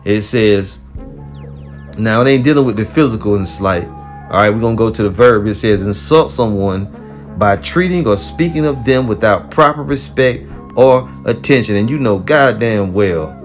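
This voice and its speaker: A man's voice: on the low side, moderate pace, soft background music. A man teaching scripture in a heated, profane sermon, rebuking listeners angrily and swearing constantly. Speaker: religious teacher.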